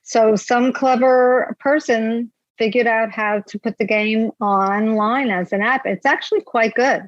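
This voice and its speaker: A woman's voice: fairly high pitch, fairly even intonation, unhurried, no echo, highs cut off. An older woman from New Jersey, a grandmother, chatting as a guest on a podcast in a friendly, matter-of-fact way. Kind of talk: casual interview.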